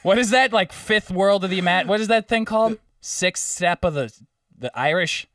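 Bright-voiced young man. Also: high voice, normal speed, no room sound, clean studio sound, distant mic. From Long Island, New York. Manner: rambling, slangy, searching for words. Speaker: podcast co-host. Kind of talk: casual chat.

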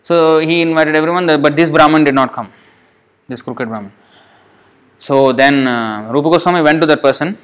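A man's voice: fairly high pitch, a little fast, few pauses, clean tone. A man preaching a devotional sermon, telling stories with rhetorical questions, restarts and emphatic scolding passages. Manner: scolding, emphatic tone when addressing the mind.

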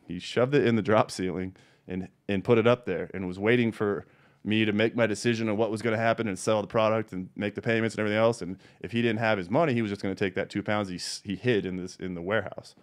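A podcast host spins his stories at a quick clip in a somewhat low voice. He is blunt and swears freely, and he tells them in a loose, animated way. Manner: profane, blunt, animated storyteller. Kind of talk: casual storytelling.

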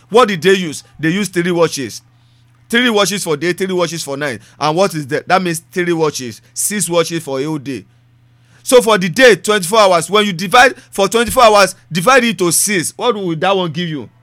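A man preaches a sermon in a high, bright voice, hammering points home by repeating phrases. His English bends grammar loosely. The sound is dry and close. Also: no echo. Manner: preaching with repetition and rising emphasis.

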